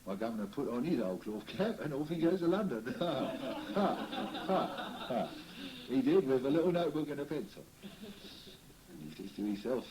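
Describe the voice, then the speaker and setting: A man's voice: medium pitch, big pitch swings, unhurried, a crowd in the background, poor audio. A man in a trance-séance recording, speaking as the spirit of a cheery old Cockney costermonger with a Cockney accent, rambling and chuckling as he chats. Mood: chatty. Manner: rambling, chuckling, folksy chat. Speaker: trance medium.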